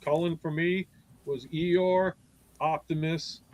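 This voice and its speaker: A man's voice: a little high, steady tone, takes it slowly, darkish tone, poor audio. A man in his forties chatting bluntly and sentimentally on a live stream, swearing casually.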